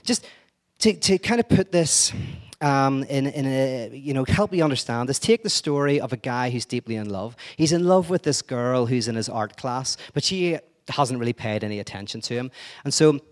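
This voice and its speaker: A man's voice: medium pitch, expressive, moderate pace. Brief: male lecturer, mid-range voice, chatty and playful, slips into quoted voices. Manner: conversational, joking, acts out quoted speech. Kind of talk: informal lecture.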